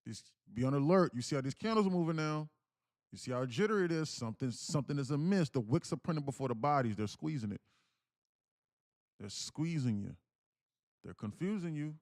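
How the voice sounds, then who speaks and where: Hosting a live day-trading stream, a man speaks in a slightly fast, higher-than-average voice. He's animated and loose, reading out chat messages, throwing in slang, and swearing now and then.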